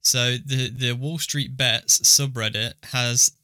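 A young man co-hosts a casual podcast and patiently walks his friend through an idea. His voice is bright and forward. The sound is dry and close, with no room around it. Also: mid-range voice, fairly even intonation, slow pace, dry recording. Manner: explains things step by step. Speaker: podcast co-host.

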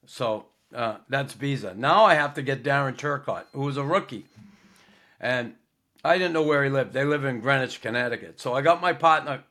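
A man's voice: medium pitch, lively intonation, normal speed, fairly bright tone. A middle-aged man hosting a podcast, telling a story in a laid-back, profane way with lots of fillers. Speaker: podcast host. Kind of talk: casual storytelling.

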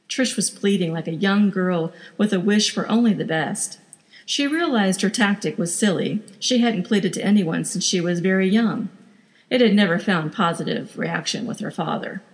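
A woman reading a story aloud in an even, steady way. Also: medium pitch, normal speed, in a large hall. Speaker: narrator.

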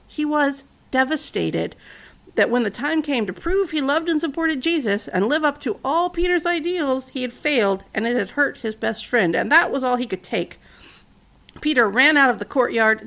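A woman in her thirties, a podcast host narrating a storybook in an earnest, gentle way. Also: fairly high pitch, vocal fry. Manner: earnest, gentle, conversational asides.

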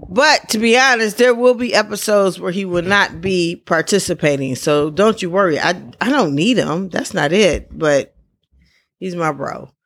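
A podcast host from the Midwest, chatting casually in an excitable, rambling, celebratory way. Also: mid-range voice, normal speed.

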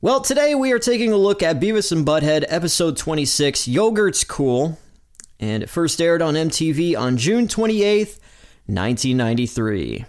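A man hosting a podcast and narrating an episode recap in an energetic, upbeat way. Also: fairly high pitch, moderate pace. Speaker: podcast host.

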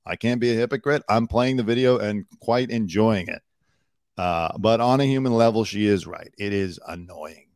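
A man's voice: on the low side, normal speed, darkish tone, no echo, studio quality. A man hosting a casual celebrity news show, talking bluntly and sarcastically and swearing now and then.

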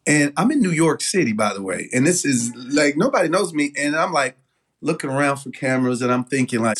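Guy, middle-aged, chatty and animated, tells stories in a regular mid voice. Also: mid-range voice, quick pace, slightly rough. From Southern United States. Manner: animated storyteller, lots of fillers. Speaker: guest, denim company owner. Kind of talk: casual interview storytelling.

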